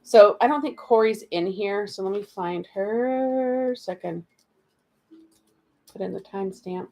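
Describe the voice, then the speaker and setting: A woman's voice: mid-range voice, measured pace, a little mellow, rough recording. A woman giving live-stream spiritual card readings, chatty and calling viewers darling and sweetie. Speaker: spiritual reader.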